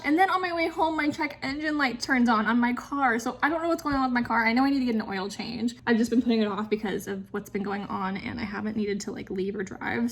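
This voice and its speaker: A young woman talking casually in a home vlog, chatty and venting with lots of fillers, emotional and close to tears. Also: on the high side. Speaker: vlogger.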